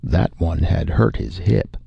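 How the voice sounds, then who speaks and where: Deep gravelly male narrator. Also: a little slow, dry recording. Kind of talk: audiobook narration. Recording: dull, dry recording.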